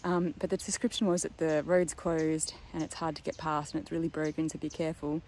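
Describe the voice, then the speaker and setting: A young woman with a lowish voice chats to a camera held at arm's length as she vlogs. She rambles loosely, filling her talk with ums and likes and breaking into laughs. A faint outdoor hum sits under her voice. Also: little pitch movement, brisk, a little mellow. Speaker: long-distance walker and vlogger. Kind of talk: casual vlog chat to camera.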